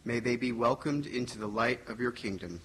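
A man, a lector reading the prayers of the faithful in a church, in a steady, formal way. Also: mid-range voice, normal speed, a little hiss or hum, rough recording.

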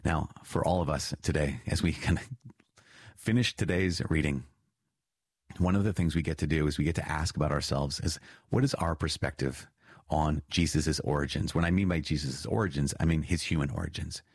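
A man's voice: extremely low pitch, steady tone, a little fast, husky, no room sound, studio quality. A man explaining a catechism reading in an earnest teaching style, stressing points with sudden rises. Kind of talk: spoken teaching commentary on a reading.

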